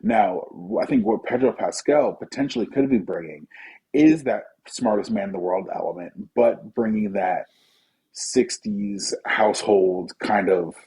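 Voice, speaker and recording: A man's voice: lowish voice, warm tone, husky, rough recording. A man co-hosting a casual movie podcast, thinking aloud and restarting his sentences as he goes. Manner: thoughtful, halting, many restarts. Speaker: podcast co-host. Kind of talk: casual chat.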